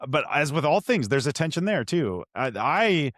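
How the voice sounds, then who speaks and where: A man hosting a podcast interview, telling stories in an animated, self-deprecating way with frequent restarts. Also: on the high side, moderate pace, no echo, clean studio sound. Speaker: podcast host. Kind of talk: conversational interview.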